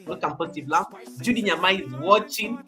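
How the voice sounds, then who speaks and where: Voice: medium pitch, animated, a little fast, bright, forceful tone. A livestream host with a Kenyan accent, chatting casually, reading out viewer comments and repeating phrases. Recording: music playing behind the voice.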